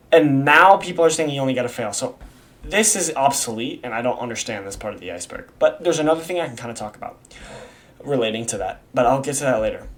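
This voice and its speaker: A young man in casual video commentary, rambling from one point to the next. His talk is slangy and full of swearing, with frequent restarts. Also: mid-range voice. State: has the hiccups. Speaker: YouTube creator explaining a community iceberg.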